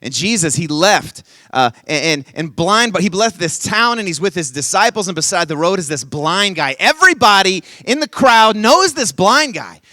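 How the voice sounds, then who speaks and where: A male camp speaker preaches with lively, swinging pitch and a bright, forceful edge. His voice sits a little high for a man and sounds close and dry. He plays with the audience and coaxes them to shout back. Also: moderate pace, hardly any pauses, no room sound. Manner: animated, playful, coaxing the audience. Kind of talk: energetic youth sermon with crowd call-and-response. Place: camp conference session.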